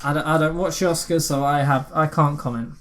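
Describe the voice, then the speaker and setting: A woman's voice: low voice, steady tone, fairly quick, a little hiss or hum. A woman co-hosting a podcast, chatting casually about a film with joking asides and the odd swear word. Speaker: podcast co-host.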